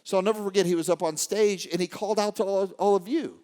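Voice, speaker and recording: A man giving an animated motivational talk to a live audience, swinging from quiet storytelling to shouting. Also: high-pitched, fast. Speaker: motivational speaker. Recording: long hall reverb.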